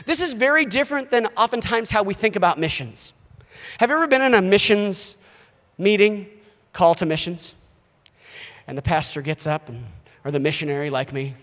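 Brief: male preacher in his thirties, high voice, lively delivery, reverberant church hall. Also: normal speed. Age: 30s. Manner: animated, acts out quoted voices. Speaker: visiting missionary preacher. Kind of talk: sermon.

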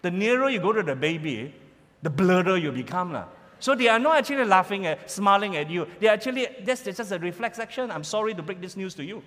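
A man preaching a sermon in an animated, playful way, sometimes imitating sounds for his listeners. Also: high voice, quick pace. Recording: long hall reverb.

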